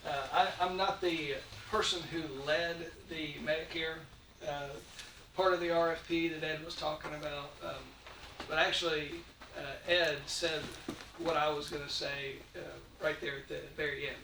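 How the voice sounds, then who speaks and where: Consultant man, bright and a bit high, plain explainer, recorded far off in a reverberant meeting room. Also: fairly even intonation, normal speed. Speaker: insurance consultant. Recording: echoey room, distant mic, faint noise.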